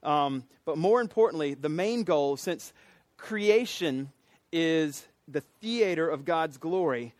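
Middle-aged man, Southern US accent, pastor, folksy conversational sermon, slightly high voice, dry close sound. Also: expressive, slow pace, no room sound. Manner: conversational and folksy, self-deprecating asides. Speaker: pastor teaching a doctrine class.

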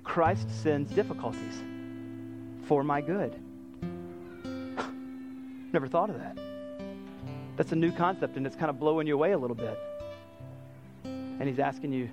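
A man preaching a sermon in an animated way, acting out the quoted lines of the story. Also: on the high side, normal speed, long pauses, music in the background. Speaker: pastor.

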